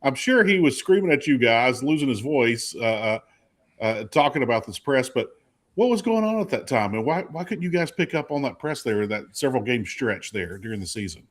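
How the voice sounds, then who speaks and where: A man hosting a sports interview, a former reporter, asking long, rambling questions with a joking, animated manner. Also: medium pitch, moderate pace.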